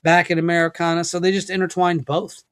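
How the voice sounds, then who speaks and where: A man's voice: fairly high pitch, level tone, fairly quick, a bit bright, clear, resonant tone, no room sound, clean studio sound. A man co-hosting a casual podcast chat, teasing his friends and joking around. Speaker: podcast co-host.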